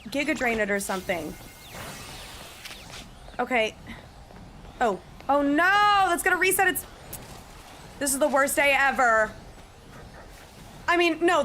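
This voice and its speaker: A woman streamer with a high voice that has a bright, sharp edge. She talks casually to her chat in a loose, rambling way. When the game scares her, she jumps to frantic shrieks and shouted panic. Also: a little hiss or hum. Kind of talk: casual live gameplay streaming.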